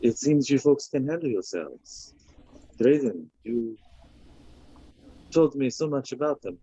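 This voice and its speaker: A man's voice: mid-range voice, lively intonation, measured pace, warm tone, husky, highs cut off, voice pushed up. A man doing a suave cat-folk monk.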